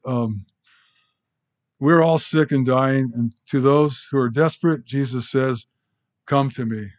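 A man preaching a sermon as pastor, in a conversational, halting way with restarts and asides, in a church. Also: mid-range voice.

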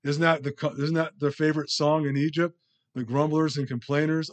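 A man's voice: on the high side, little pitch movement, a little fast. A man preaching a casual, conversational Bible-study sermon, self-deprecating and often restarting his sentences. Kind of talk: sermon teaching.

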